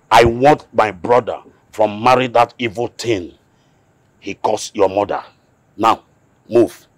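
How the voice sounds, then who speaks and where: A man's voice: on the low side, no room sound. An actor with a Nigerian accent playing a vengeful middle-aged man who threatens his nephew in a film drama. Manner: menacing, threatening.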